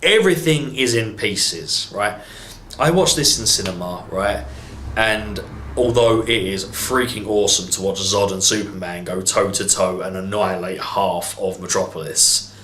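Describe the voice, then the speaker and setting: A man's voice: lowish voice, normal speed, bright, forceful tone, reverberant, a little hiss or hum. An English man reviewing a film in an exasperated, sarcastic rant, swearing freely. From England. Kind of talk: ranting movie review.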